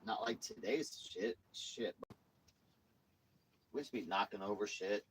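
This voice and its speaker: A man's voice: on the low side, unhurried, slight background noise. Profane rambling male livestreamer. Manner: profane, rambling storytelling with acted-out quotes. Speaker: livestream host. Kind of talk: casual livestream chat.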